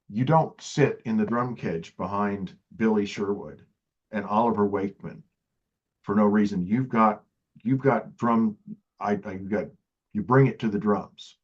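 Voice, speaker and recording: A man's voice: fairly low pitch, slightly rough, highs cut off. A man hosting an interview, earnest and enthusiastic, restarting phrases as he builds his point. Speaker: interview host. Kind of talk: casual interview chat.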